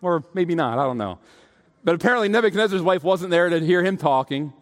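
A man preaching a sermon, telling stories in an animated way and acting out the voices of the people he quotes. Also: sits high, brisk. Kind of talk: sermon with storytelling. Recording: long hall reverb.

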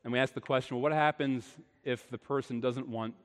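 A man's voice: medium pitch, fairly even intonation, brisk. Pastor man preaching in a reverberant hall. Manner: earnest, rising and falling between quiet and emphatic. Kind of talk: sermon.

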